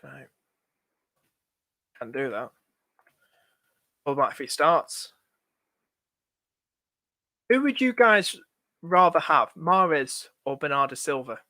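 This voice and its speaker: A man's voice: a little high, animated, slow pace, long pauses, pushed and bright, dry recording, studio quality. A young man on a live stream, thinking aloud in a chatty, anxious way and talking to his viewers. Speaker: fantasy football streamer.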